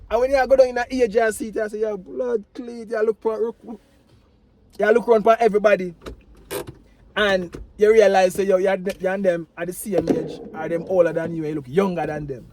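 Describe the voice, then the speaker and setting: A man's voice: sits high, level tone, brisk. A Jamaican man talking casually to his viewers outdoors, rambling and often repeating "you know what I mean" and "family". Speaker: vlogger. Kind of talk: casual talk to camera. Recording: loud street and traffic noise.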